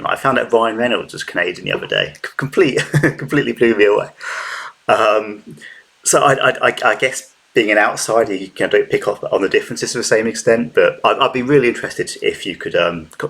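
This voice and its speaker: A man's voice: lowish voice, a bit bright. An English man hosting a reaction video, talking casually with many hesitant restarts. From England. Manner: hesitant, restarts often, chatty.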